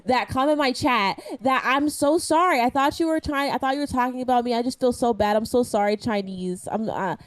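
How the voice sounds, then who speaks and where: A young woman streaming and chatting with friends in a group call. Her voice sits a bit high. She keeps apologizing and repeating herself in quick, rambling bursts. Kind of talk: casual group voice chat.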